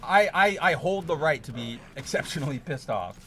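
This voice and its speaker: A man chats casually while streaming a card game, his fairly high voice swinging wildly as he rants. He swears freely and flares into loud exasperated outbursts. A faint hiss sits under the mic. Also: animated, moderate pace.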